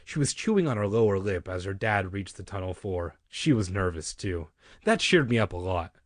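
Man, low and lively, casual reader prone to stumbles and joking tangents. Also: normal speed, no room sound, clean studio sound. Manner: stumbles, laughs, rambling joking asides. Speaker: reader of a children's book. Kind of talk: casual read-aloud with joking asides.

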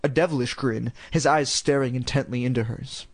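A man narrating a storybook in parody, with deadpan crude ad-libs. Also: medium pitch, moderate pace.

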